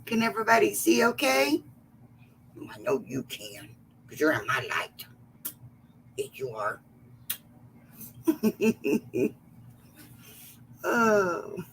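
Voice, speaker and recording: A middle-aged woman hosts a relaxed livestream, chatting to her viewers and greeting each one by name with sweet endearments. Her voice has a gravelly, creaky edge. She takes her time, talking at an unhurried, easy pace. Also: on the low side, slight background noise. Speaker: livestream host. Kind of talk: casual livestream chat.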